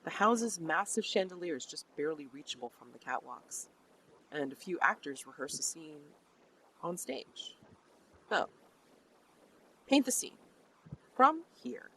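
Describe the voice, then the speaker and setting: A game master narrating a tabletop role-playing session in a chatty, animated way with many fillers. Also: mid-range voice, unhurried, pauses often, a little hiss or hum, rough recording.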